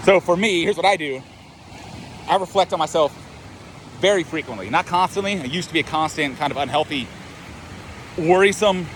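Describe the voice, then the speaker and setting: A man's voice: a little high, slight background noise. Rambling, profane man vlogging. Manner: rambling, profane, self-mocking. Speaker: vlogger and life coach. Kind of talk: casual spoken monologue.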